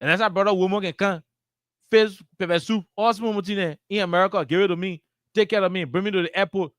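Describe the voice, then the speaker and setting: A Liberian English speaker with a fairly high pitch for a man, holding forth on a radio talk show. He hammers his points with repeated words and rhetorical questions. The sound is dry and close with no room around it. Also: fairly even intonation, fast talker, fairly bright tone, no echo. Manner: impassioned, repetitive, rhetorical questions. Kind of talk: political commentary. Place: radio studio.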